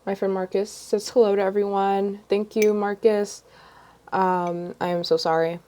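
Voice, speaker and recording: A woman's voice: mid-range voice, flat delivery, measured pace, dark tone. A young woman vlogger chatting casually on a livestream, rambling with many ums and restarts.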